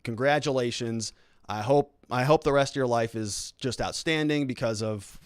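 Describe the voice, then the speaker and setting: A man's voice: medium pitch, moderate pace, clean tone, no echo, studio quality. A man hosting a legal and political commentary show, talking casually with a sarcastic edge. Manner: sarcastic, mocking quoted reactions in put-on voices.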